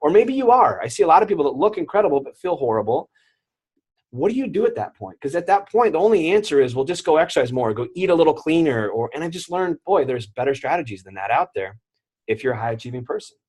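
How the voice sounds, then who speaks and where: Husky fast-talking man. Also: on the high side. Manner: animated, acts out quoted voices. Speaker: guest. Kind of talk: storytelling interview.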